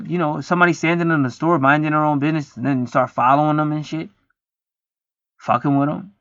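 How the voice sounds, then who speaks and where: A man's voice: a little high, steady tone, brisk, a bit bright, dry recording. A man talking in a rambling, profane, preachy casual monologue as host of a spiritual video. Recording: dry, dull lo-fi sound.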